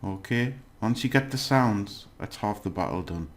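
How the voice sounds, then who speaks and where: Low-voiced man teaching a casual lesson. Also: animated. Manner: patient, often checking in with "okay?" and pausing with "uh". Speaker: language teacher. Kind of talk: casual recorded lesson recap.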